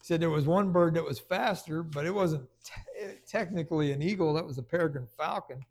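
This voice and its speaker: A man preaching a conversational sermon, stumbling over restarts and then rising into loud bursts of emphasis. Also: fairly high pitch, fairly quick.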